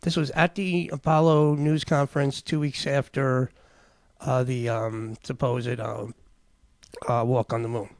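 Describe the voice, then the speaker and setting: A man's voice: medium pitch, level tone, a little slow, creaky, no echo. A man hosts a casual show, talking over clips in a rambling way with many restarts. His voice is dry and close to the mic. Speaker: host.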